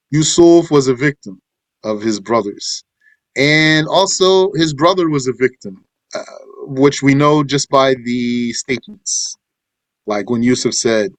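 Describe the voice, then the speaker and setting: A man giving a tafsir lesson, reciting verses and explaining them in English, with animated pitch leaps on points of emphasis. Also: dry recording. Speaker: Quran teacher.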